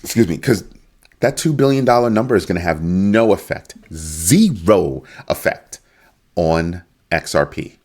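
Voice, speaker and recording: A middle-aged man giving casual solo commentary, emphatic and animated, acting out quotes and breaking into sudden high exclamations. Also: a little slow, breathy edge. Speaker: crypto news commentator.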